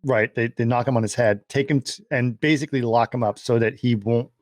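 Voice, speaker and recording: A man's voice: medium pitch, steady tone, a little fast, no echo, clean studio sound. A man co-hosting a casual film podcast, animatedly retelling the plot and acting out the characters' lines. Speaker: podcast co-host. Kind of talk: casual film-discussion chat.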